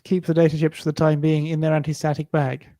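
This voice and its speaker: A man's voice: a little high, level tone, quick pace, warm tone, no echo. A man taking part as a player in a casual tabletop game, polite and hesitant, with many fillers.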